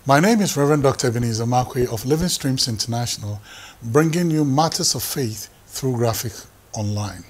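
A man's voice: medium pitch, fairly quick. A man, preaching a sermon in an emphatic way, repeating phrases for effect. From Ghana. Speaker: pastor.

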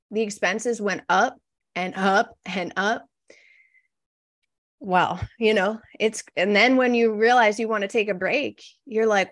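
A woman's voice: mid-range voice, steady tone, a little slow, a bit bright, dry recording, clean studio sound. A woman copywriter as a podcast guest in casual interview chat, frank and reflective, with many "you know" fillers.

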